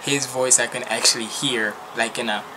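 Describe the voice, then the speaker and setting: A man's voice: medium pitch, fairly even intonation, normal speed, background noise. A man hosting a reaction channel, chatting casually in a loose, slangy way that often restarts mid-sentence.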